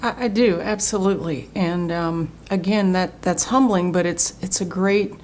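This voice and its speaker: A woman's voice: fairly low pitch, normal speed, slight background noise. Earnest middle-aged woman telling stories. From Oklahoma. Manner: earnest, animated when quoting others. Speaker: guest, state official. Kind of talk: interview answers, storytelling.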